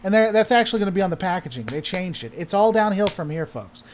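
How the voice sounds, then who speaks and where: A man's voice: sits high, animated, quick pace, slight background noise. A man hosting a casual livestream chat, rambling and heavily sarcastic as he answers viewers. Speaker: host.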